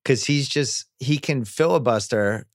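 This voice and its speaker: A man's voice: mid-range voice, unhurried, no echo, clean studio sound. A man, a podcast host in casual chat who is enthusiastic and opinionated.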